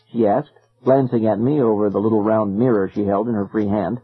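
A man narrating a first-person children's story in a lively, expressive reading. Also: lowish voice, brisk, breathy edge, no echo. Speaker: audiobook reader. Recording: phone-like narrow band, dry, faint music.

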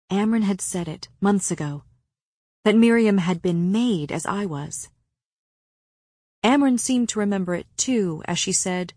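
A woman narrating a first-person fantasy audiobook in a steady, even storytelling manner. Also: medium pitch, measured pace, long pauses, slightly rough, no room sound, studio quality.

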